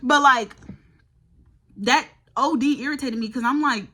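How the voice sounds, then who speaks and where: A woman's voice: high voice, unhurried, bright, forceful tone, breathy edge. A young woman vlogger telling a college storytime in a casual, profane, exasperated way. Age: young adult. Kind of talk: storytime vlog.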